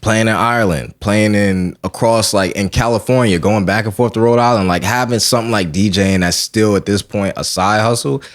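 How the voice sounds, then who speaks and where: A man talking casually as a DJ guest on a podcast, slangy and animated, often asking "you know what I'm saying". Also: on the low side, fairly quick, few pauses. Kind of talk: casual interview chat.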